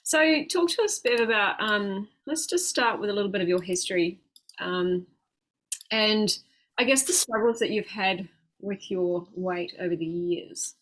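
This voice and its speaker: A woman with a New Zealand accent hosting a casual interview as a coach, chatty and halting with many fillers. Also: medium pitch, expressive, fairly bright tone, low-quality recording. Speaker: host, weight loss coach.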